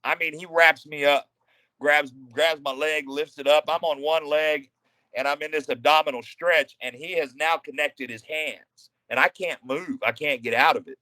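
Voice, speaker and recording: A retired pro wrestler from Texas telling profane, animated stories as a podcast guest. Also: male voice, fairly high pitch, normal speed, no echo, rough recording. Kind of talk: casual storytelling.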